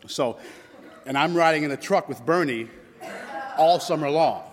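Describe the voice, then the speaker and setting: Fairly high-pitched and moderately paced, a roughly fifty-year-old man from Louisville, Kentucky speaks publicly, sharing a personal story conversationally with frequent restarts and quotes from others, all echoing with long hall reverb.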